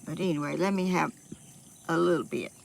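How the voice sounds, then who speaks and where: She sits low in pitch, creaky and steady in tone, talking a little fast with her Southern US accent. This Georgia vlogger is live on her phone outdoors, slightly short of breath, and her chat wanders in a folksy style punctuated by frequent laughs and fillers.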